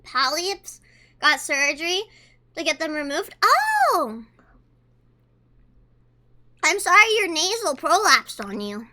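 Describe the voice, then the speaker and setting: A woman's voice: high-pitched, expressive, moderate pace, pushed and bright. A woman streamer chatting casually with her chat, reading messages aloud and talking while she eats. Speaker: livestreamer.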